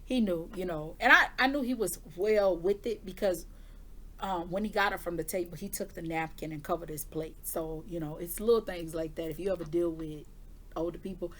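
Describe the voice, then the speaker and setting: A woman's voice: on the low side, a little fast, a bit bright. A woman who does intuitive readings, telling her viewers a personal story in a candid, chatty way. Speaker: intuitive reader giving weekly forecasts.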